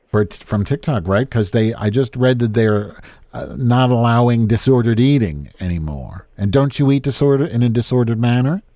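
A man's voice: mid-range voice, moderate pace, mellow, dry recording, clean studio sound. A man hosting a podcast, rambling and griping with lots of swearing, then chatting with a caller. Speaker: podcast host. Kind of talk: casual rambling monologue and phone chat.

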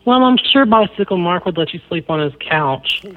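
A man's voice: sits high, lively intonation, normal speed, narrow, tinny audio. A man in a casual chat, answering with dry, teasing quips.

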